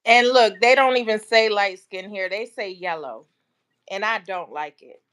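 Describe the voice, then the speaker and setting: A woman in a casual livestream chat, making quick comments and talking to people off camera. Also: mid-range voice, fairly bright tone, clean tone. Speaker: livestream co-host.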